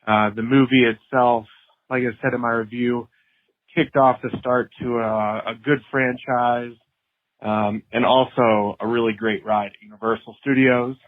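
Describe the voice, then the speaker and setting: A man's voice: medium pitch, level tone, measured pace, no echo. A man from Colorado leaving a friendly, upbeat voicemail for a podcast. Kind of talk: casual voicemail message. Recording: tinny phone line.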